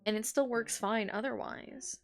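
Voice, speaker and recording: Brief: casual woman art streamer, rambly and chatty, mid-range voice with some vocal fry, soft guitar music behind. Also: a little high, fairly even intonation, moderate pace. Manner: chatty, rambling with many "like"s, laughs often. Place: home.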